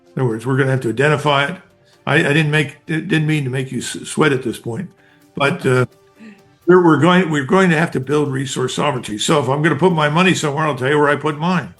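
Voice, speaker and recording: A man's voice: fairly high pitch, fast talker, a bit bright, faint music behind. Blunt older man giving emphatic analysis. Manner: blunt, emphatic, speaks in short declarative bursts. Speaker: guest commentator, retired army colonel. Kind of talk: conversational interview analysis.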